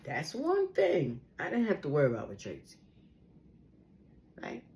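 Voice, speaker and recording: A woman telling a personal story in a casual, animated way, acting out the people she quotes. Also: low voice, unhurried.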